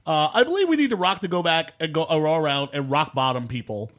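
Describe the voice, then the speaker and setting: Animated high-voiced man riffing. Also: fast talker. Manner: animated, exasperated, bursts into shouts and laughter. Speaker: podcast co-host. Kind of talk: casual comedic chat.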